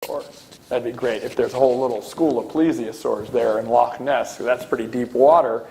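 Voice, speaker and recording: A man's voice: medium pitch, steady tone, moderate pace, creaky, mellow, slight background noise, rough recording. Rambling, hesitant man in a played clip. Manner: meandering, hesitant, many ums. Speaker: speaker in a clip being reviewed. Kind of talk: rambling talk.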